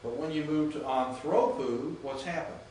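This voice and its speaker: A man's voice: on the high side, normal speed, a little mellow, far from the mic, slight background noise. Echoey classroom lecture by a man. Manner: patient, checks understanding often. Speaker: Greek teacher. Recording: echoey room recorded from afar.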